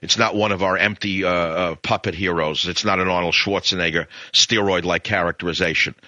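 Sharp-voiced, opinionated American radio host. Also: male voice, low voice, steady tone, a little fast, no room sound, muffled recording. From United States. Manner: rambling, emphatic retelling with opinionated asides. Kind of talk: talk radio monologue.

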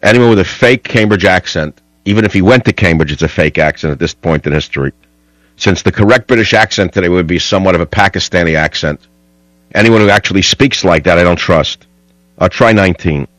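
A man's voice: sits low, brisk, fairly bright tone, no echo, poor audio. A man hosting a talk radio show, rambling and combative in a studio.

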